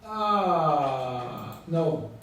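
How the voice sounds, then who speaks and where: A man teaching a hands-on software class, talking haltingly with many fillers and restarts. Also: on the high side, big pitch swings, slight background noise. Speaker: instructor. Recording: echoey classroom from far off.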